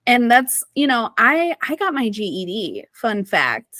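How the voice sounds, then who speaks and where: A woman's voice: a little high, very animated, measured pace, sharp tone, no echo. A woman from Missouri, a podcast guest, talking casually and chattily with lots of "like" and "you know" fillers. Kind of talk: casual conversational interview.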